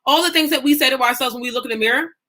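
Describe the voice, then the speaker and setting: A woman's voice: sits high, racing, bright, forceful tone. A woman life coach teaching her group with passion and emphasis, in a preacherly way, with speech. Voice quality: emphatic, preacherly, acts out self-talk in quotes. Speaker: faith-based life coach.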